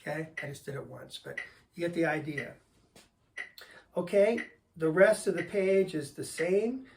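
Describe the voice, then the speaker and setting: An older man teaching drums, calmly explaining time signatures and counting beats aloud. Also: a little high, measured pace. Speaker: drum teacher. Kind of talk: instructional explanation. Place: drum studio. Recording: voice a bit far from the mic, faint noise.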